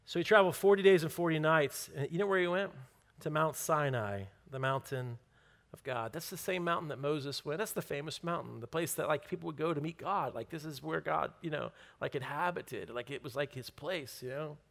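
Pastor guy preaching, casual and jokey, kinda higher voice. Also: vocal fry, fairly bright tone. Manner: conversational, joking, drawn-out stresses. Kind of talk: sermon.

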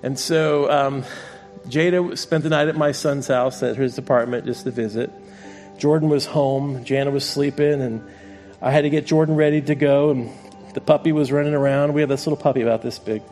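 A man's voice: mid-range voice, steady tone, normal speed, a little mellow, soft background music. A middle-aged man preaching as pastor, telling a family story in a chatty, self-mocking way before closing in prayer. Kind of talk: sermon with personal story.

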